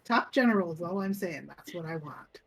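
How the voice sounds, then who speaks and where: A woman's voice: on the low side, animated, moderate pace, gravelly, a little hiss or hum, voice pushed down, rough recording. A woman voicing a blunt, ambitious soldier who asks for a promotion in a matter-of-fact way.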